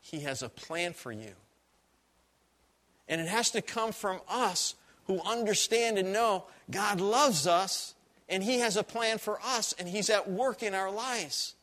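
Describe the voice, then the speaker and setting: Bright-voiced man preaching a sermon. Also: high voice, measured pace. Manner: earnest, animated, repeats phrases. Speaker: pastor. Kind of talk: sermon storytelling.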